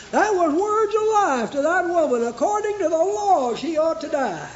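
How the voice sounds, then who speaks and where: A male preacher delivering a fervent sermon in a strikingly high voice. He speaks slowly and builds through rhythmic repetition into shouts. The recording is roomy and echoing, with a dull, muffled lo-fi tone. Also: expressive.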